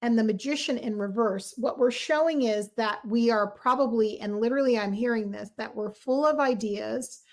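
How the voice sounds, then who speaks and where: A middle-aged woman hosts a casual tarot livestream, her voice sitting a touch high. She talks to her viewers directly, warm and effusive, piling on encouragement as she reads the cards. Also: normal speed, few pauses.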